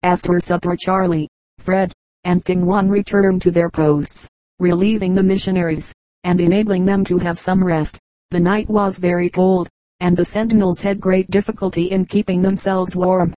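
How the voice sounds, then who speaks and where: Woman reading in a flat, mellow voice. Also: fairly low pitch, moderate pace, no room sound, poor audio. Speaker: audiobook reader. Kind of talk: scripted narration.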